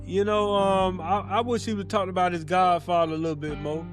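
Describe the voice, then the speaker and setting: A high-voiced man co-hosts a casual chat show, talking fairly quickly with fairly even intonation. He animatedly retells movie scenes, repeating himself along the way, while faint guitar music plays behind him.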